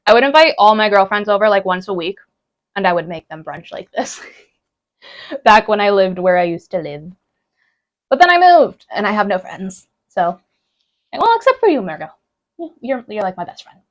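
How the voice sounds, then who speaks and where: A woman's voice: mid-range voice, lively intonation, normal speed, highs cut off. A young woman chatting casually with her stream from home while she cooks and eats brunch, bubbly and laughing often. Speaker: live streamer.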